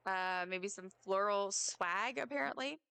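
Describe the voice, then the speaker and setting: A young woman streams a game while chatting and rambling, cracking jokes about herself. She speaks at a measured pace in a medium-pitched voice that is creaky, bright and forceful yet clear and resonant, with no echo.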